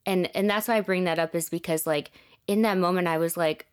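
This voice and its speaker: A young woman with a slightly low voice recounts a personal story in relaxed podcast chat. She leans on fillers like "like" and lets her voice sink softer when she turns reflective. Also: brisk, smooth. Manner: chatty, many fillers like "like", dips to soft reflective tones. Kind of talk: personal storytelling in casual conversation.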